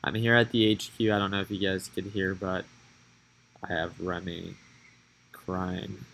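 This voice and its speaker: A man's voice: deep voice, little pitch movement, unhurried, gravelly, a bit bright, slight background noise, rough recording. A man giving casual live-stream commentary on stock market moves, chatty and thinking aloud as he watches the charts.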